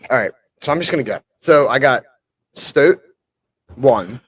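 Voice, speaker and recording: A young man co-hosting a casual sports podcast, gruff and exasperated, swearing casually. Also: mid-range voice, expressive, unhurried, no room sound. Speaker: podcast co-host.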